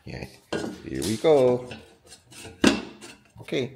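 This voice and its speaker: A man vlogging casually outdoors on his small farm, chatting to the camera and talking to his animals in a high coaxing voice. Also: very animated, extremely slow, creaky, heavy background noise. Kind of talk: casual vlog chat.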